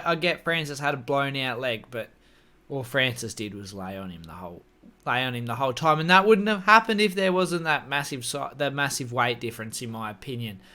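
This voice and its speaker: A man's voice: medium pitch, pushed and bright, clean tone. A man talking casually to camera, giving opinionated, rambling takes on fights and swearing freely. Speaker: MMA commentary YouTuber.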